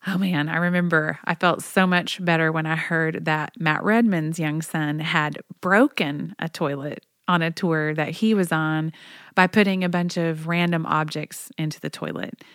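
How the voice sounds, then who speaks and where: A woman in her forties with a lowish, smooth, resonant voice, chatty and anecdotal, laughing now and then as she tells stories. The sound is close and dry. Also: steady tone, normal speed, a bit bright, no room sound. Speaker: storyteller, mother on tour. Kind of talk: personal storytelling monologue.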